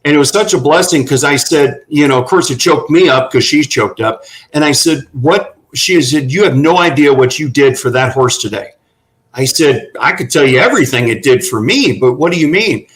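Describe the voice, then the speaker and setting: A man's voice: a little high, expressive, normal speed, fairly bright tone, low-quality recording. A middle-aged man telling earnest, folksy stories about working with horses as a guest on a talk panel. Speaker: guest running horse therapy for veterans.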